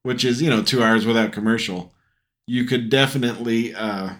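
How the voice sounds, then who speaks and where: With a mid-range, fairly bright voice, a steady tone and a moderate pace, a middle-aged dad rambles through casual podcast chat with his son. He fills gaps with ums and keeps starting over.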